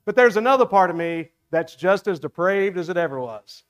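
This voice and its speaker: A man's voice: high-pitched, animated, a little fast. A male pastor with a Southern American accent preaching a sermon, emphatic and repetitive, with folksy asides to his congregation.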